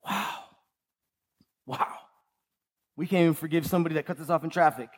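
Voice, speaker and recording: A man's voice: a little high, moderate pace. A man preaching a sermon in an emphatic way, repeating key lines and tossing in rhetorical asides to the congregation. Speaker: pastor.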